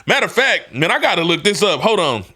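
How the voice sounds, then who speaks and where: Animated, bright-voiced man telling a hyped story. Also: quick pace. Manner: animated, swings from hyped shouts to low somber tones. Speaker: podcast host. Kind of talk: motivational storytelling.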